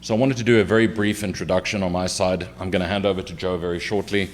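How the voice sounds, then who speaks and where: A man with a South African accent walks a city council through his firm's technology, explaining step by step with a few fillers. His voice sits very low. A faint hum runs underneath. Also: steady tone, fast. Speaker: company CEO presenting. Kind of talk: business presentation to council.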